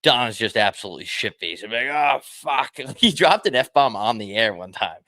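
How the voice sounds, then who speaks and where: A man co-hosting a hockey call-in show, chatting casually, laughing and asking quick questions. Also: on the low side, big pitch swings, sharp tone, no echo. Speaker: podcast co-host. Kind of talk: casual chat.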